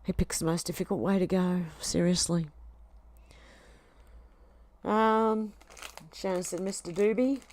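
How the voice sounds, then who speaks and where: A woman's voice: on the low side, steady tone, measured pace, pauses often, a little mellow. An Australian woman on a casual home live stream, reading chat comments aloud and chiding her cat between them.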